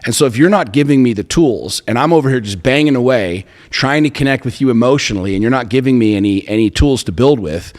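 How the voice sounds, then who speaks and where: A man's voice: mid-range voice, lively intonation, quick pace, hardly any pauses, a little mellow. A man co-hosting a relationship podcast, talking bluntly and emphatically with plenty of profanity. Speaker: podcast co-host. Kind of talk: casual chat. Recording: long hall reverb.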